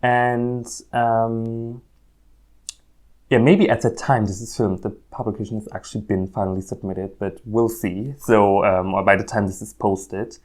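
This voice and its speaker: A man's voice: lowish voice, fairly even intonation, measured pace, a little mellow. Rambling man chatting over his plants. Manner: chatty, self-mocking, lots of ums. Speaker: orchid hobbyist vlogger. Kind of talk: rambling casual vlog. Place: at home, at a table with plants. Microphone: phone camera.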